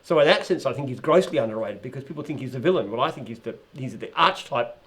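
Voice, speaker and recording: Aussie bloke, founder type, dry jokey q&a chat, talks fast. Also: male voice, medium pitch, expressive. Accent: Australian. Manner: dry, self-mocking humour with chuckles. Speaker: company founder answering viewer questions. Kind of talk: casual live Q&A chat.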